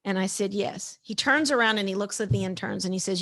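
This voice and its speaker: A woman's voice: mid-range voice, fairly quick, a bit bright. A woman in her fifties, an interview guest telling a faith story with energy and emphasis, acting out the lines of people in it. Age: 50s. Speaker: guest speaker.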